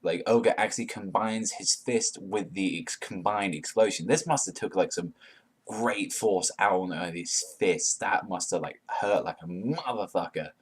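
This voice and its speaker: Deep-voiced guy ranting about a manga chapter, swears a ton, super hyped. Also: unhurried, slightly rough. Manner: profane, hyped, heavy use of "like". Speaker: manga reviewer. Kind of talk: excited casual review.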